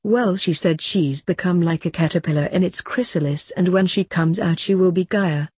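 A woman's voice: on the low side, normal speed, darkish tone, breathy edge, no room sound, clean studio sound. A woman voicing a worried, gloomy male teddy bear who talks in a mournful, moaning way.

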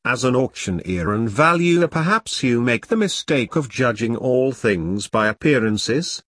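A man's voice: medium pitch, lively intonation, a little slow, fairly bright tone, slightly rough, no echo. A man voicing a cool female assassin with clipped upper-class English speech. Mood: menacing. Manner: clipped, threatening.

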